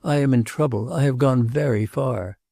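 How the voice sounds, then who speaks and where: A male audiobook narrator voicing a restless, earnest princess who speaks gravely and pleads. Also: mid-range voice, moderate pace, mellow, dry recording, studio quality. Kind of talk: audiobook character reading.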